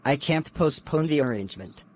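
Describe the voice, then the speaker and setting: A man's voice: on the high side, animated, moderate pace, a little mellow. Man voicing a stern father dinosaur. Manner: stern, scolding.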